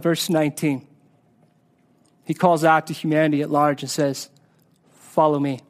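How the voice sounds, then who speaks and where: Male pastor, high voice, earnest sermon delivery with quiet, low emphasis. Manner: earnest, repeats words, drops soft and low on key phrases.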